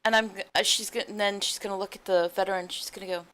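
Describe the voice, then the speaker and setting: A woman's voice: medium pitch, steady tone, quick pace, a bit bright. A woman playing a tabletop game, casually describing what her character does. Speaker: player.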